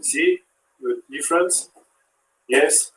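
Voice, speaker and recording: A man's voice: fairly high pitch, slow pace, fairly bright tone, roomy sound, distant mic, slight background noise, poor audio. French-accented man coaching a workout. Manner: counts reps and coaches while exercising. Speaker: fitness instructor. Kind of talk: live workout demonstration.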